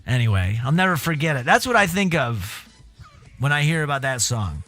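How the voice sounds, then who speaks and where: Lively, bright-voiced male streamer. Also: medium pitch, normal speed, soft background music. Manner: rambling, jokey, animated asides. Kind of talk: casual livestream commentary, reading a news article aloud.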